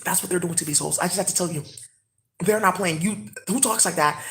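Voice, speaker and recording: A woman talking in a rambling monologue. She swings between hushed whispers and loud, excited outbursts. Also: lowish voice, a little fast.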